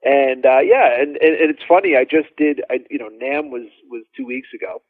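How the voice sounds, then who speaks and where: A man, a drummer guest, telling studio stories in a rambling, animated way and acting out what others said. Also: medium pitch, moderate pace, no room sound. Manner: animated, rambling, acts out quoted dialogue. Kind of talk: casual storytelling interview. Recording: dry tinny phone-like line.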